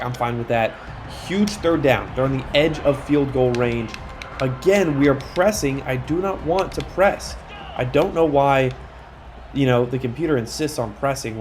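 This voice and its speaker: Young male gamer, mid-range voice, live play-by-play with loud frustrated outbursts. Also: medium pitch, a little hiss or hum. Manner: exclaims and groans at plays. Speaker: gaming YouTuber. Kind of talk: live game commentary.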